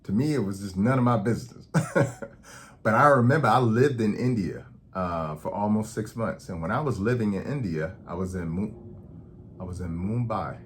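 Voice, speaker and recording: In a direct-to-camera talk, a man with a voice on the low side explains health matters conversationally at normal speed, regularly checking in with "okay?" and acting out dialogue from his stories. There's a little hiss or hum.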